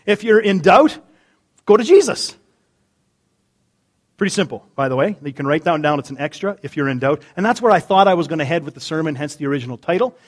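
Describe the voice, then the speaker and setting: A middle-aged man preaching a sermon, humorous, swinging between loud emphasis and quiet asides. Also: fairly high pitch, lively intonation, a little fast. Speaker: pastor.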